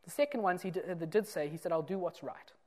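A man preaching a sermon, explaining a parable in an earnest way and moving between loud and soft emphasis. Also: sits high, quick pace.

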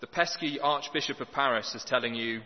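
A man's voice: mid-range voice, brisk. A man preaching a sermon, earnest and conversational with dry humour. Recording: dull lo-fi sound with long hall reverb.

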